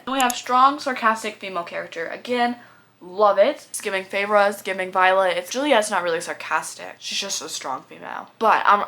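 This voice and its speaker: A woman's voice: mid-range voice, a bit bright. Young woman, book vlogger, casual and opinionated, mid-range voice, playful. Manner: chatty, opinionated, playful, gushing.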